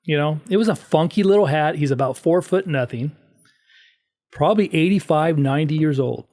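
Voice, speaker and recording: A man's voice: fairly high pitch, normal speed. A middle-aged man, a podcast guest, telling a story in casual chat and acting out the quotes. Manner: animated storyteller, acts out quotes.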